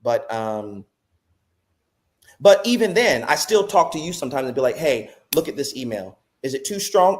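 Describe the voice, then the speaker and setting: A man in a podcast conversation, talking in a reflective, animated way, with preacher-like repetition and acted quotes. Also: mid-range voice, normal speed. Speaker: podcast guest speaker.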